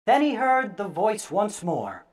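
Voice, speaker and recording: A woman storyteller reading scary stories aloud theatrically, dropping to hushes and bursting out loud. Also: medium pitch, wildly swooping pitch, unhurried.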